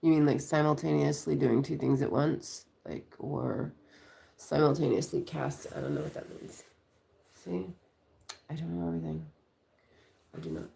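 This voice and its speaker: Middle-aged woman, low creaky voice, loose rambling livestream chat host. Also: animated, moderate pace, long pauses, mellow. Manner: rambling, chatty, storytelling with quoted voices.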